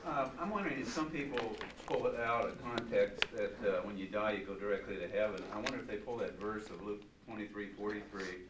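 A man with a low voice asks a question in a tentative, musing way. He is picked up from far off in an echoey room, and clear background noise surrounds him. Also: a little fast, hardly any pauses. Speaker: class participant asking a question. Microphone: far from the mic. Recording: distant mic in an echoey room with ambient noise.

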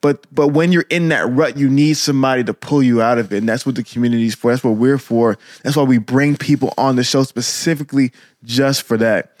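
A man's voice: mid-range voice, fairly even intonation, fairly quick, darkish tone, dry recording, clean studio sound. A man co-hosting a podcast, talking earnestly and encouragingly about forgiveness and healing. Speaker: podcast co-host. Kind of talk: casual podcast talk.

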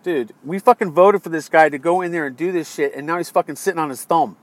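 An American man ranting angrily about politics, swearing constantly and swinging between low muttering and exasperated yelling. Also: fast talker, no room sound. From United States. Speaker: political commentator. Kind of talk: angry political rant.

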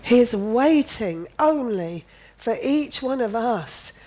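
A woman's voice: a little high, expressive, slow, dark tone, low-quality recording. A woman preaching a sermon, emphatic and repetitive, firing off rhetorical questions and slipping in playful jokes. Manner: drops in playful asides and jokes.

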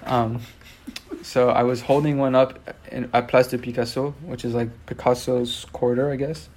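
A man from New York, a guest artist, telling stories in a relaxed, rambling way and laughing often. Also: mid-range voice, normal speed. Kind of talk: casual storytelling.

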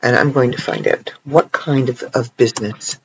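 It's night, and a weary Canadian man sits alone indoors, stretching his sore legs while rambling playfully in a casual solo vlog. He speaks at medium pitch and a moderate pace, with cut-off highs and slight background noise in the audio.

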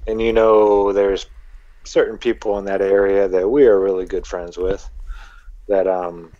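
Man, quiet, halting, flat low voice, muffled dry audio. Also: no room sound. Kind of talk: casual live-stream chat.

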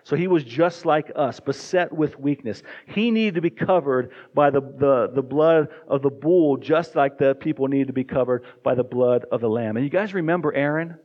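A man's voice: medium pitch, moderate pace, hardly any pauses. A male pastor preaching a sermon in a conversational way and often asking the congregation questions. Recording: dull lo-fi recording.

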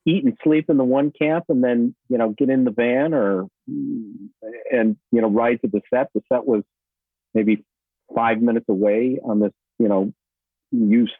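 A man's voice: medium pitch, fairly even intonation, a little slow, no echo. A man talks casually as an interview guest, wandering through his memories with plenty of fillers and false starts. His voice comes through a thin, phone-like line. The sound is dry and close, with no room around it. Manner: rambling, many fillers and restarts. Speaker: actor guest.

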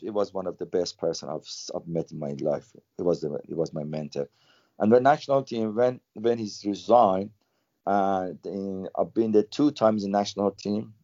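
Low-voiced older man, halting. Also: mellow, no room sound. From Iran. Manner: halting, repeats words, non-native phrasing. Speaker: former footballer, guest. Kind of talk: interview storytelling. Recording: dull lo-fi sound.

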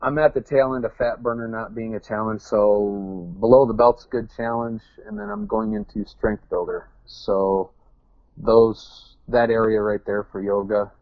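Guy w a lowish voice just rambling along, cracks jokes on himself, dry dull sound. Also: fairly even intonation, unhurried, no room sound. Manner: rambling, self-deprecating, joking. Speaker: guest. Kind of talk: casual interview chat.

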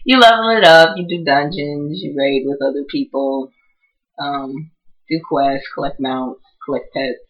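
A woman's voice: deep voice, muffled recording. A woman who is a nervous first-time podcast guest, chatting casually, hesitant and often giggling.

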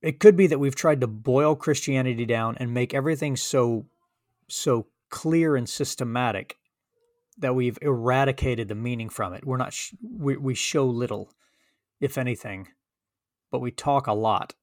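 A man's voice: medium pitch, moderate pace, darkish tone, no room sound, studio quality. Earnest man talking philosophy. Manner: earnest, emphatic, restarts often. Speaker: podcast co-host. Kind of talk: casual philosophical discussion.

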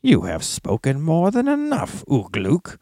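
A man voicing a sneering, scheming male orc messenger in a read-aloud book excerpt, mocking in a high put-on voice. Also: huge pitch swings, unhurried, creaky, dark tone, dry recording, clean studio sound, exaggerated voice.

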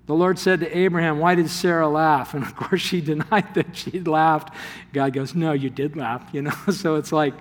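A male pastor delivers a sermon with a slightly raised pitch, breaking into laughter as he acts out the story's voices. His words ring out through a large hall with a long reverb tail. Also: normal speed. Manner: animated, laughs often, plays the voices in the story.

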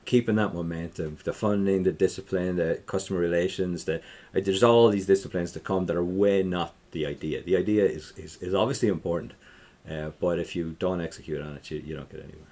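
A middle-aged Irish man, a tech entrepreneur, chatting in an interview, rambling with many restarts and trailing off quietly. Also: low voice, a little fast. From Ireland. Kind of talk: casual interview chat.

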